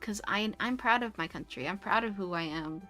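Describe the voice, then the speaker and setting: A British woman chatting casually on a stream, animated and quick to rant, swearing freely. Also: medium pitch, faint music behind. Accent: British English. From United Kingdom. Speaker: VTuber streamer. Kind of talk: casual chat.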